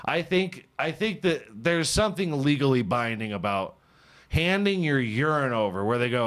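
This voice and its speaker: A man's voice: a little high, very animated, normal speed, fairly bright tone. A man hosting a comedy podcast, joking in a profane, mocking way and laughing often. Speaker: podcast host. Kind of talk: casual comedic podcast banter.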